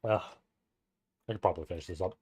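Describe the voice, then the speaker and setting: A man streaming a live read-through of a novel, reading passages and breaking off into casual, profane, excited reactions. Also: deep voice, quick pace, breathy edge.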